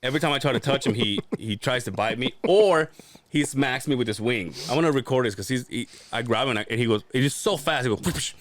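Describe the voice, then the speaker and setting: A man co-hosting a podcast, telling stories in casual chat and swearing freely. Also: fast. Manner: animated storyteller, swears freely, acts out quotes in a high voice. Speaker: podcast co-host.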